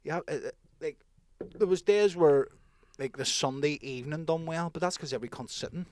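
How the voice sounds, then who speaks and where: A man's voice: a little high, fairly quick, darkish tone, no room sound. A man co-hosting a podcast, bantering bluntly and swearing in casual chat. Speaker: podcast co-host.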